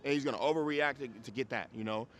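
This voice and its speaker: Male dog trainer with a Chicago accent, blunt, swears, mid-pitched, faint hiss under the voice. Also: fast talker. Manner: casual, blunt, swears, keeps asking if you follow. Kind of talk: group class teaching. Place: dog training class with dogs around.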